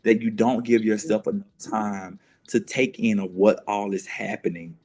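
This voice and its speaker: A man's voice: on the low side, fairly even intonation, moderate pace, darkish tone. Guy on a talk show, earnest and reflective, keeps repeating himself as he works it out. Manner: earnest, self-questioning, repeats phrases.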